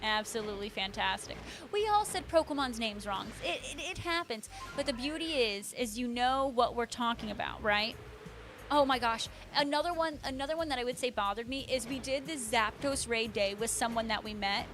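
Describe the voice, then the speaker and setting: A woman's voice: a little high, animated, moderate pace, fairly bright tone, faint music behind. A woman hosting a live stream, chatting casually with viewers, laughing often and answering them by name. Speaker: livestream host.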